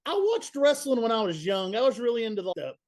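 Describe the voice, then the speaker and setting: Chatty Southern man, higher voice. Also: expressive, a little fast. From Kentucky. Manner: laid-back, chatty storyteller, says "man" and "dude" a lot. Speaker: band bassist, guest. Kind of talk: casual interview chat.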